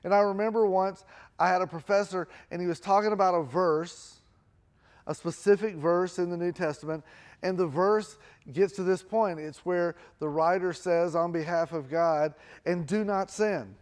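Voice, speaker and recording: Self-mocking middle-aged pastor, higher voice. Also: male voice, fairly even intonation, moderate pace. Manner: self-deprecating, conversational, acts out dialogue. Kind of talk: storytelling sermon. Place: church auditorium.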